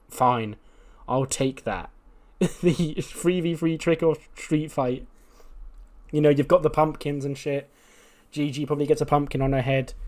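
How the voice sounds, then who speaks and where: A man's voice: mid-range voice, warm tone. A man giving casual, chatty commentary on a wrestling booking game, laughing at himself and swearing casually. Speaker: YouTuber playing a wrestling booking sim.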